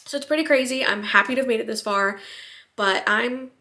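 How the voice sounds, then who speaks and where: A woman's voice: a little high, brisk, bright, forceful tone. Chatty young pregnant woman vlogging. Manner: chatty, rambling, filler-heavy with frequent "like". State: heavily pregnant, tired. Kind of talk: casual chat to camera.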